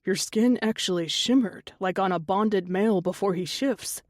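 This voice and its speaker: A woman's voice: medium pitch, normal speed, dry recording, clean studio sound, natural voice. A woman reading the part of a teasing young male panther-shifter tattoo artist, wry and chatty, in an audiobook.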